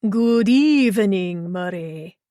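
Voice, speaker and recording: A woman voicing a charming, mischievous young man in a romantic mystery audiobook, speaking softly and teasingly. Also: high voice, normal speed, no room sound, clean studio sound. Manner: soft, teasing, drawn out.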